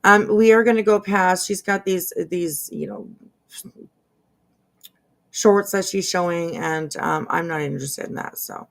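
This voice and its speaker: A woman's voice: lowish voice, a little slow, gravelly. A woman hosting casual drama commentary, rambling and hesitant with lots of fillers and restarts, and dropping sarcastic asides. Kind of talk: casual commentary over clips.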